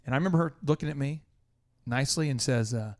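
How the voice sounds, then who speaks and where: A man hosting a business coaching podcast tells anecdotes with energy and emphasis, speaking quickly in a medium pitch and often restarting his sentences.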